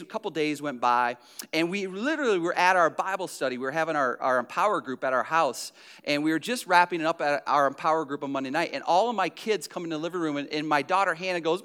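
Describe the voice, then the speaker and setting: A man's voice: sits high, a bit bright, clean tone. A middle-aged man casually telling a personal anecdote, chatty and self-deprecating, full of fillers and restarts. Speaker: storyteller.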